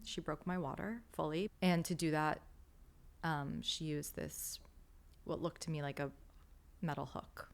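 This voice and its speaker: A woman's voice: low voice, gravelly. A woman in her thirties, a podcast guest, telling a candid, emotional story with many fillers.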